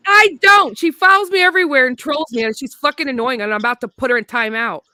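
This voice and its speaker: Giggly high-voiced woman host. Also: quick pace, bright, forceful tone, no echo. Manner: giggly, blunt, swears. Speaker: stream host. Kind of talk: casual stream banter.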